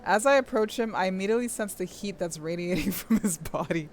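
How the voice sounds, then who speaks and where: A young woman streaming, reading a game's story aloud and breaking off into gushing, excitable commentary with squeals and laughter. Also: mid-range voice, a little fast, few pauses, soft background music.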